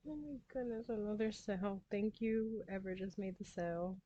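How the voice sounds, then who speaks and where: A woman's voice: medium pitch, moderate pace, dark tone, lo-fi sound, slight background noise. A woman hosting a casual cross-stitch livestream, reading viewer comments aloud and chatting back to them. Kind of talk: casual live-stream chat.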